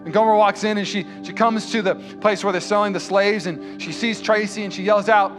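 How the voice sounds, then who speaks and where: High-voiced storytelling pastor over music. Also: male voice, steady tone, fairly quick, hardly any pauses. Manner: storytelling preacher who acts out dialogue and builds to impassioned, raised delivery. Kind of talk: sermon. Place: church.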